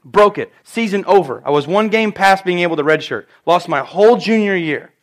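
A man's voice: high voice, lively intonation, moderate pace. A man in his thirties preaching a sermon, telling personal stories in an emphatic way.

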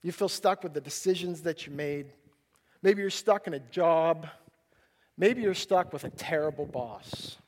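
Animated high-voiced male preacher. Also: unhurried. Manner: animated storytelling, acts out his own panicked voice. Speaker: pastor. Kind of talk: sermon with personal story.

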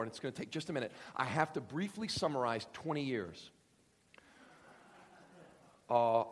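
Animated man preaching in a hall. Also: medium pitch, a little hiss or hum. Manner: animated, joking, acts out voices. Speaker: pastor. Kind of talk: sermon.

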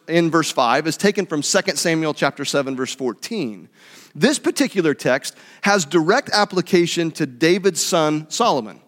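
A man's voice: fairly high pitch, big-room sound. A man preaching a Bible study in a conversational teaching manner, with fillers and self-corrections. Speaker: pastor.

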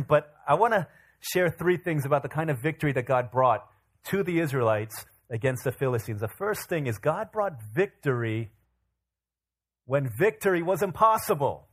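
A male pastor preaching a sermon in an animated, casual storytelling way. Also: a little high, moderate pace.

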